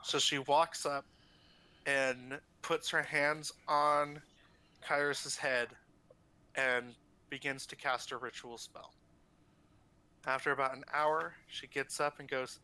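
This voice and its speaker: A man's voice: mid-range voice, level tone, takes it slowly, long pauses, bright, forceful tone, smooth, poor audio. A man narrating as game master of a tabletop game, with hesitant restarts.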